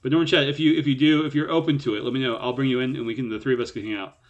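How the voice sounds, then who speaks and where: Brief: man, poker-stream co-host, wry self-mocking banter, quick to laugh. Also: mid-range voice, steady tone, muffled recording. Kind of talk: casual live-stream banter.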